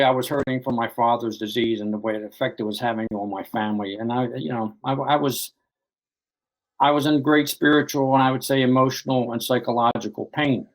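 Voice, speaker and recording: A man's voice: mid-range voice, low-quality recording. A man recounting a personal story as an author guest in an interview, rambling and full of "you know" and restarts.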